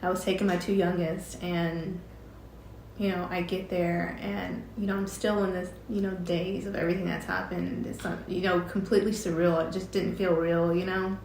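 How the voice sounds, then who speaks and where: A middle-aged woman telling a personal story, halting and emotional, with many fillers and restarts. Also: on the low side, little pitch movement, vocal fry, a little mellow, echoey room, slight background noise. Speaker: vlogger telling her story.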